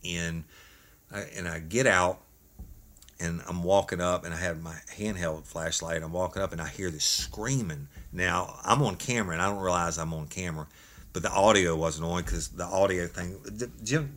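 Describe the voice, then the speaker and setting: A man, a former police officer, telling a funny story in a casual, animated way with laughs. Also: sits low, normal speed.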